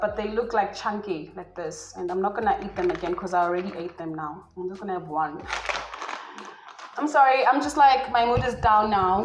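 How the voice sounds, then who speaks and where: A woman's voice: medium pitch, darkish tone. A young adult woman with a South African accent, hosting a solo podcast and talking unscripted in a rambling, chatty way. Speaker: podcast host. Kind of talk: casual solo podcast monologue.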